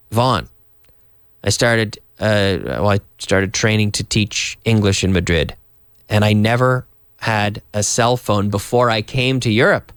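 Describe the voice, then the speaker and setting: A man's voice: medium pitch, a bit bright, smooth, no echo, studio quality. A middle-aged man from Canada teaching English to Spanish speakers, acting out example sentences with big, exaggerated question intonation.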